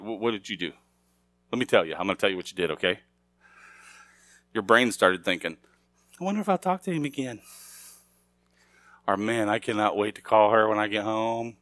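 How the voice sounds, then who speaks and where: With a lowish, slightly bright voice, a middle-aged man delivers a sermon as pastor, chatting easily with the congregation before climbing into forceful, raised moments. The recording has no room sound.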